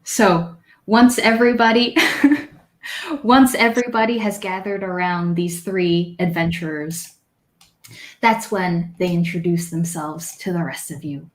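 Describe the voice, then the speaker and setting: A woman narrating as dungeon master in a tabletop game, with an unhurried, easily amused manner. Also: fairly low pitch, steady tone, roomy sound, low-quality recording.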